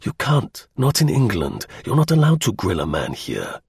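A man's voice: fairly low pitch, huge pitch swings, normal speed, gravelly, darkish tone, breathy edge, dry recording, clean studio sound, exaggerated voice. A man doing a brazen, taunting spy suspect. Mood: defiant. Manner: defiant, taunting.

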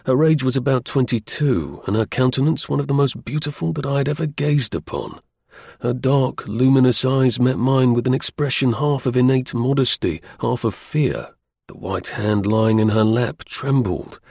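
A male audiobook narrator reading an old-fashioned tale in a measured, formal way. His mid-pitched voice is gravelly and a little husky. The recording is dry and close. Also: a little mellow, dry recording. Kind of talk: scripted narration of a period novel.

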